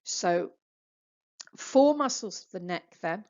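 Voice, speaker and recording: Slow, patient woman teaching anatomy. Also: mid-range voice, lively intonation, a little mellow. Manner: slow, patient, spells out muscle names. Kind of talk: slide lecture. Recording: dull lo-fi sound.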